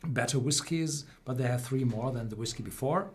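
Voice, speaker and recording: A man's voice: mid-range voice, fairly quick, a little mellow, slight background noise. Man explaining whisky. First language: German. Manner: explanatory, hesitant with many fillers. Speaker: whisky tasting host. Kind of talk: live-stream tasting chat.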